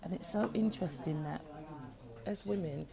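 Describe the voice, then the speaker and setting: Woman, low voice, chatty vlog, phone recording in a busy café with crowd chatter. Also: normal speed, vocal fry. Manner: chatty, eating breakfast while talking. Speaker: vlogger.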